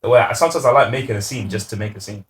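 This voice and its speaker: A young man talks fast in a lowish voice, rattling through casual interview answers. He often lets his sentences fade to a quiet mumble at the end. A soft hiss sits faintly behind him. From Ireland. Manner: rapid, relaxed, trailing off into quiet asides. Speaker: guest singer.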